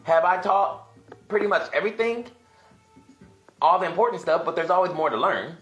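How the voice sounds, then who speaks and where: Bright-voiced man teaching in an echoey room. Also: high voice, normal speed, dull audio, soft background music. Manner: rambling, thinks aloud, grows animated and emphatic. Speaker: self-styled religious teacher. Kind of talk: casual video teaching while browsing apps. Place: at home.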